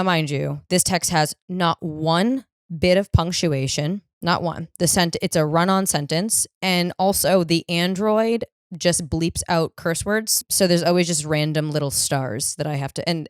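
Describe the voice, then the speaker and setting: A woman's voice: lowish voice, moderate pace, few pauses, clean tone, no echo, clean studio sound. A young woman hosting a comedic solo podcast, telling self-mocking stories in a blunt, profane way. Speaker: podcast host.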